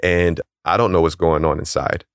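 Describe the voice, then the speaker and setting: A young man calmly and plainly recounting a personal story in a casual interview. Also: low voice, moderate pace, no room sound. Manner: calm, matter-of-fact, chuckles at odd details.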